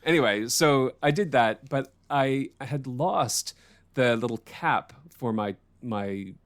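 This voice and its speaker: A man's voice: mid-range voice, takes it slowly. A man hosting a podcast, telling a story in casual chat, swearing freely and laughing often. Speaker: podcast host.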